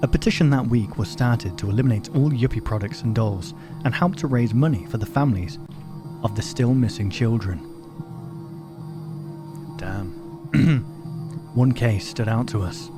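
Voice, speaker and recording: A man's voice: medium pitch, unhurried, pauses often. Man reading horror text aloud, music behind. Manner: reads in an even tone, breaks off with sudden loud exclamations. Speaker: reaction video host.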